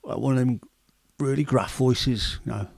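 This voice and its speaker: A man in his fifties with a Scouse accent and a hoarse throat, hosting a casual chat livestream in a rambling, jokey way with many fillers. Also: mid-range voice, moderate pace, darkish tone, dry recording. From Liverpool, England. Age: 50s. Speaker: livestream host.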